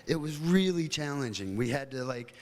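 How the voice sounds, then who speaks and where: A man's voice: medium pitch, expressive, normal speed, darkish tone, in a large hall. A middle-aged American man giving a casual, chatty conference talk, telling stories with plenty of fillers. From United States. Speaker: guest speaker. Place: hotel conference hall.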